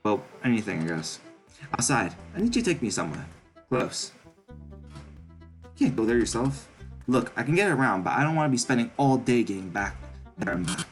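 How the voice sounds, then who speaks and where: A man's voice: mid-range voice, sing-song, normal speed, long pauses, faint music behind, lightly acted. A man doing Thanatos, a cocky British creature. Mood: brusque. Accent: British, put on. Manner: blunt, slangy, brushes off questions. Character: cocky male creature, blunt and streetwise.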